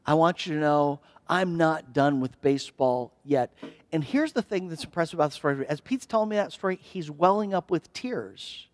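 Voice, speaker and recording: A man's voice: on the high side, normal speed. A man preaching a sermon in church as pastor, earnest and building to impassioned appeals.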